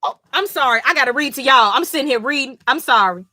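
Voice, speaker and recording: A woman hosting a live comic-reading stream, reacting in an animated, profane, exclaiming way. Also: high-pitched, quick pace, dry recording. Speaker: comic-reading livestream host.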